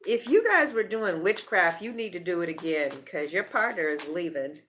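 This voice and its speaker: A woman's voice: on the low side, expressive, moderate pace, a bit bright, slight background noise. A woman giving a casual tarot reading in a blunt, profane way of talking. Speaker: tarot reader.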